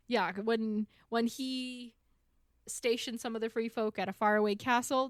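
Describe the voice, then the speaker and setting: A woman's voice: a little high, fairly even intonation, a little slow, pauses often, smooth, dry recording, studio quality. A woman co-hosting a podcast, casually recapping book chapters and peppering her paraphrases with "like". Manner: chatty, paraphrases scenes with filler "like".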